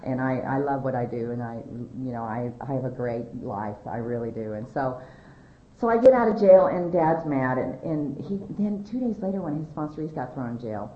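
Low-voiced woman in an echoey hall. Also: lively intonation, normal speed. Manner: candid, self-mocking storytelling with frequent laughter. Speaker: recovery meeting speaker. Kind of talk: personal testimony talk. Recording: echoey, dull lo-fi room recording.

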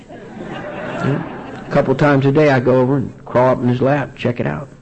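Gravelly husky man telling his story. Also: mid-range voice, darkish tone. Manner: earnest, halting, frequent restarts. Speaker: recovery meeting speaker. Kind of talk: personal testimony talk. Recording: dull lo-fi recording.

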